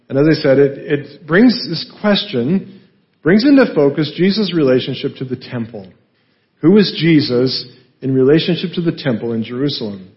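A male pastor teaching a Bible passage in a relaxed, conversational way, asking rhetorical questions and often adding "right?". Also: medium pitch, highs cut off.

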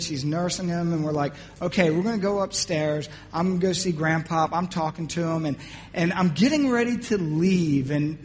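High-voiced man preaching a hushed personal story. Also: a little hiss or hum. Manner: storytelling, acting out dialogue, often dropping to a hushed voice. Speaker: pastor. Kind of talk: personal testimony in a sermon.

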